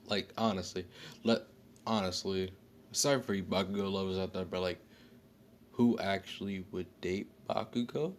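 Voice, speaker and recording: A man's voice: sits low, steady tone, unhurried, long pauses, a little hiss or hum. A man casually telling an improvised story, rambling with slang, fillers and frequent self-corrections.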